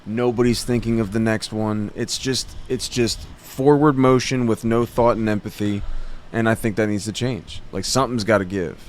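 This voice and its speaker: A man's voice: lowish voice, fairly even intonation, normal speed, a little hiss or hum. A man hosting a podcast, chatting casually in a blunt, profane, preachy way. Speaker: podcast host. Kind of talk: casual chat.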